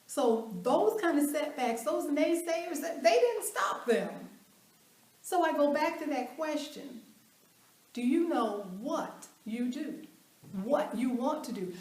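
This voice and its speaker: A woman telling stories from the stage, lively and expressive, slipping into other people's voices as she quotes them. Her voice sits a bit high. The sound is roomy, with the mic set back from her. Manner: animated, acts out quoted voices, laughs. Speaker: motivational speaker. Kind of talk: storytelling keynote talk. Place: event hall. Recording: roomy hall, mic at a distance.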